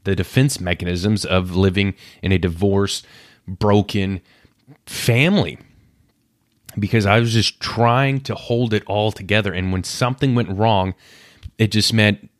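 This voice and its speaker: A man in his thirties speaks candidly in a reflective personal monologue, searching his past out loud. His voice sits a little low. The sound is dry and close, with no room around it. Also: no room sound. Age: 30s. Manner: candid, self-searching, acts out inner voices. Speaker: podcast host.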